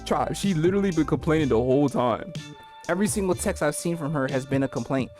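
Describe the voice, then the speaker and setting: A woman with a very low voice gives casual commentary full of slang. She keeps saying bro and gets animated. Music plays clearly underneath her voice. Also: quick pace. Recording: music playing clearly behind.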